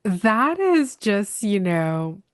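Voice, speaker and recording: A woman's voice: mid-range voice, sing-song, very slow, no echo, studio quality. A woman hosting a podcast interview, encouraging her guest with frequent backchannel murmurs. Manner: encouraging, many backchannel "mm-hmm"s. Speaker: podcast host. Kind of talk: casual interview talk.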